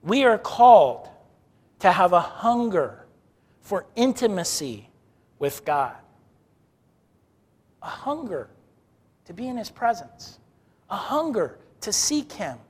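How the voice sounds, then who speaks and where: A man preaching a sermon in an earnest way, drawing out key words slowly. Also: sits high, big pitch swings, husky, big-room sound. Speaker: pastor.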